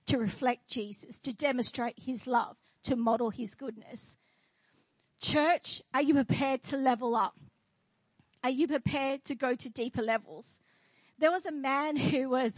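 A woman's voice: sits high, no room sound, rough recording. A woman pastor preaching a sermon in church, declaring and asking the congregation questions.

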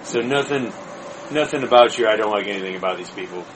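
A man's voice: on the low side, fast, slight background noise, poor audio. A man who is a regular on a podcast, chatting casually, crude and boastful. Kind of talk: casual chat.

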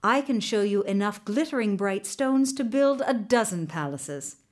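A woman voicing a small, loyal and brave talking male horse in a storybook reading, with a gentle, reassuring manner. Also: mid-range voice, animated, measured pace, lightly acted. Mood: calm. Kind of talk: storybook narration.

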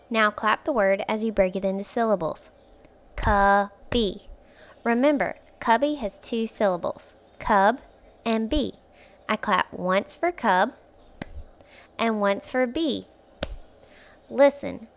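Patient woman teaching syllables to children. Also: fairly high pitch. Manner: patient and encouraging, stretches words out syllable by syllable. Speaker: teacher hosting a phonics lesson. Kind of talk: slow, clear instructional speech for young children.

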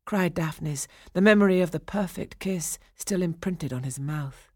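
A woman narrating a storybook audiobook in a slow, expressive, dramatic reading. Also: lowish voice, no room sound, studio quality.

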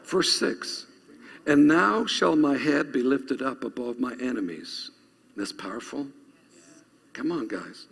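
A man's voice: medium pitch, animated, unhurried, gravelly, fairly bright tone, slightly rough. A male pastor preaching a sermon, reading scripture aloud and urging the congregation to repeat lines after him. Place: church. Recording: long reverb of a church hall.

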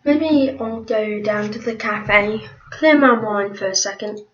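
A woman's voice: medium pitch, slow pace. A woman voice acting in a fan drama, talking to herself in a determined way. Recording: dull lo-fi recording.

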